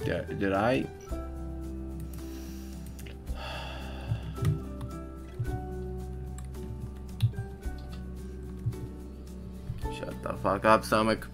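A man's voice: lowish voice, very slow, long pauses, faint music behind. A man giving casual gameplay commentary, tired and grumbling, swearing often as he talks to himself. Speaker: gaming YouTuber.

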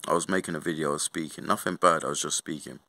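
A man's voice: extremely low pitch, steady tone, rapid-fire, vocal fry, bright, forceful tone, no room sound. Sweary young man ranting. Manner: agitated, sweary, repeats himself, says bruv and mate. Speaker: vlogger. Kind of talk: casual storytime rant.

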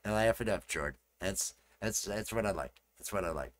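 A man with a fairly low voice talks with his viewers while he works on a live stream. He rambles and repeats phrases as he goes. A faint background hum sits under his voice. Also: animated, normal speed. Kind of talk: casual live-stream chat.

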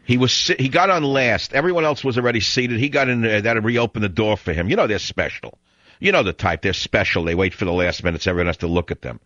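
In a talk radio show, a male host with a fairly low, slightly bright voice delivers a fast, sarcastic rant that wanders off on tangents in an opinionated monologue. The recording sounds dull and dry, like a studio broadcast.

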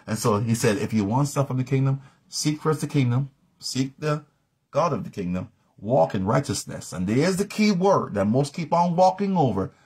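A man's voice: medium pitch, expressive, normal speed, a little mellow, slightly rough. A middle-aged man teaching a live-streamed Bible study in an emphatic, repetitive, preacherly manner.

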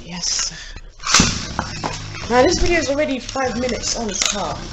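A young man with a British accent, casually commentating on toy battles in a rambling, excitable way, laughing often, at home. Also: extremely high pitch, unhurried, over loud music, poor audio. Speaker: Beyblade channel host. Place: home room, family upstairs.

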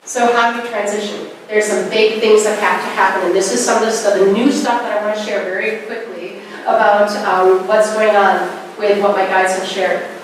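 A woman giving a spiritual lecture at a conference, animated and swooping up high on key words. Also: moderate pace, a little hiss or hum. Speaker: conference speaker. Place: lecture hall. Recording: echoey hall from far off.

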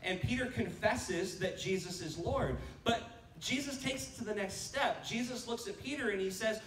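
A man preaching at a church conference, telling personal stories with lively quoted voices and laughing asides. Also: high-pitched, normal speed, hardly any pauses. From United States. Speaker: pastor. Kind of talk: conference sermon. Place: church sanctuary. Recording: echoey church hall from far off, faint noise.

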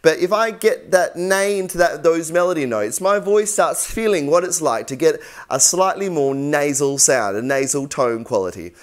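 Young guy giving a singing lesson, chill and encouraging, kinda high smooth voice. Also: moderate pace, hardly any pauses. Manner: encouraging, easygoing teaching. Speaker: vocal coach. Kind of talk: instructional tutorial.

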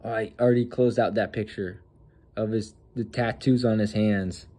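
A man's voice: lowish voice, steady tone, normal speed, warm tone. A man hosting casual political commentary in a sneering, mocking and slangy way. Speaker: host.

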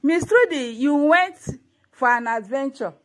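A woman's voice: sits high, animated, measured pace. A woman with a Nigerian accent, giving earnest, preachy commentary to the camera as a vlogger, often adding "you know" and "eh?".

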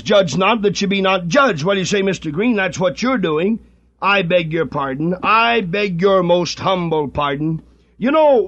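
A man's voice: high-pitched, a bit bright. A middle-aged man preaching a fiery radio sermon, full of rhetorical questions and rising fervor. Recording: dull lo-fi archival radio recording.

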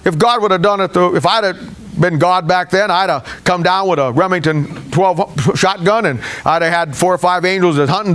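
A man's voice: sits high, fairly bright tone. A man pastor preaching a sermon in a folksy, conversational way, with hesitations.

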